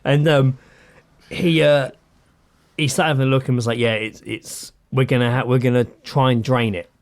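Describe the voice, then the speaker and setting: A man's voice: mid-range voice, moderate pace. A man co-hosting a podcast, telling a story in casual chat and acting out what people said, with a lot of swearing. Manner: animated, acts out quotes with swearing. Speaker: podcast co-host.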